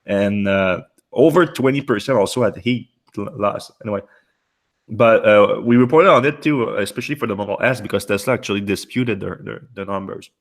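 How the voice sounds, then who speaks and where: A man chats on a podcast, his somewhat low voice a little hoarse because he is under the weather. He talks in halting bursts, breaking off and restarting his sentences. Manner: halting, many restarts and fillers. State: losing his voice, a little sick. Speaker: podcast host. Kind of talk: casual podcast chat.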